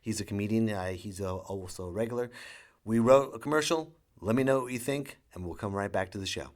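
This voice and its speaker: A man's voice: fairly low pitch, a little fast. A man, a father, hosting a podcast and telling a rambling, sarcastic comedic story. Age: young adult to middle-aged, a father. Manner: rambling, sarcastic, acts out quotes. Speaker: podcast host.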